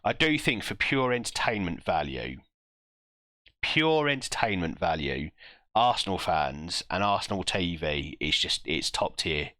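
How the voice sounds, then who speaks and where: A man streaming a football management game, reacting live with self-mocking groans and quick asides to chat. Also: sits low, big pitch swings, pushed and bright, dry recording.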